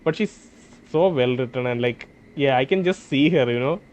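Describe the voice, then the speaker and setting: A man playing a role-playing game, reading its dialogue aloud and thinking out loud between lines. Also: medium pitch, normal speed. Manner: hesitant, restarts and fillers, reads dialogue in plain voice. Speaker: gameplay streamer.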